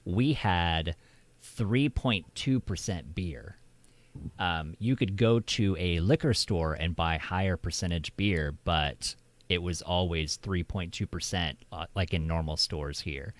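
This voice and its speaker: A man's voice: low-pitched, slow pace, no echo. A man from Oklahoma hosting a stream, chatting casually with many fillers and laughs. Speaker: streamer host. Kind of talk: casual chat.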